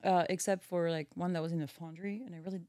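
A French-accented woman talks casually as a podcast guest, leaning on "like" as she goes. Her voice sits on the lower side, and the recording is close and dry. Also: fairly even intonation, quick pace, warm tone, dry recording. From France. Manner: chatty, filler-heavy with many "like"s. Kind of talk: casual chat.

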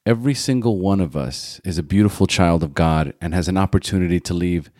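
A middle-aged man hosting a podcast, giving a personal recovery talk in an earnest, reflective way with slow deliberate phrasing. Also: sits low, darkish tone, dry recording, studio quality. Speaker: podcast host.

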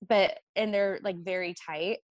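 Pregnant nurse telling stories, dry sound. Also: female voice, mid-range voice, unhurried, no echo. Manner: animated storytelling, acting out patients' requests. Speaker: registered nurse guest. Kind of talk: casual chat.

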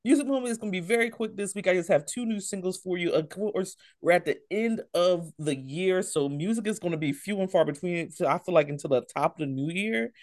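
A woman co-hosting a podcast in casual, joking chat, with loud laughs and speech. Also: on the low side, brisk, hardly any pauses, dry recording, clean studio sound. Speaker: podcast co-host.

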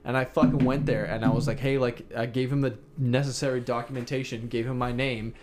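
A man's voice: mid-range voice, level tone, fairly quick, darkish tone, a little hiss or hum. A young man co-hosting a podcast in crude, joking banter full of swearing and filler. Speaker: podcast co-host. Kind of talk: casual chat.

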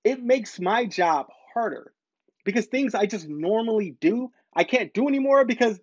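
A man recounts a frustrating story in a casual, conversational monologue, leaning on repetition to drive each point home. His voice sits in a dry space with no room echo. The recording is a little dull and muffled. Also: very high-pitched. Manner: emphatic, repeats points for stress. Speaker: parent vlogger.

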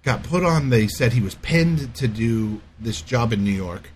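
Profane, animated middle-aged man ranting. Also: mid-range voice, a little slow, slight background noise. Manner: profane, animated storytelling rant. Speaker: podcast co-host. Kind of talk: casual chat.

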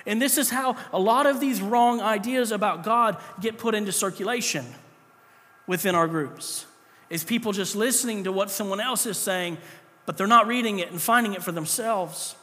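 Pastor, male, high bright voice, chatty preaching with jokes, reverberant sanctuary. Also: moderate pace. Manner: joking asides, conversational preaching. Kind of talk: sermon.

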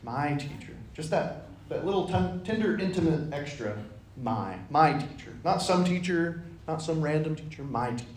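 A man leading an interactive Bible study, reading scripture and acting out the dialogue with lively energy. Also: on the high side, normal speed. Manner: animated, acts out dialogue in voices. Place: church meeting room. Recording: echoey room.

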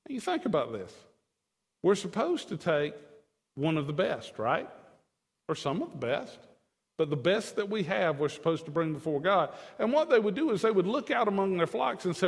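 A man preaching a sermon with passion, swinging between loud declarations and hushed pleading. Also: high voice, expressive, moderate pace, long reverb tail.

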